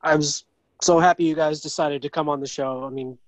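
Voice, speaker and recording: A chatty man hosting a podcast, friendly and quick to laugh. His voice sits a little high. The recording is dry, with no room sound. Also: steady tone, no echo, low-quality recording. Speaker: podcast host. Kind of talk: casual chat over video call. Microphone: video call.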